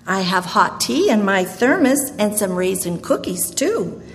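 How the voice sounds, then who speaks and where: A woman voicing a kindly old immigrant woman with slow, gracious speech. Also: mid-range voice, sing-song, slight background noise. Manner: slow, warm, gracious offering. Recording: long hall reverb.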